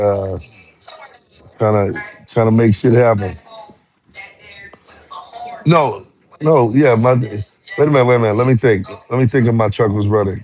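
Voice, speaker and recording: Man, swearing a lot, casual storytelling, gets heated. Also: medium pitch. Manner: profane, animated storytelling with heated outbursts. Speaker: former truck driver telling a story. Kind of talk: casual storytelling on a live stream.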